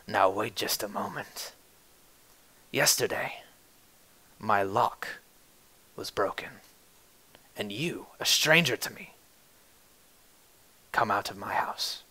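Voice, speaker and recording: A man voicing a huge, menacing blacksmith with a low, muttering lilt. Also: steady tone, fast, few pauses, sharp tone, poor audio.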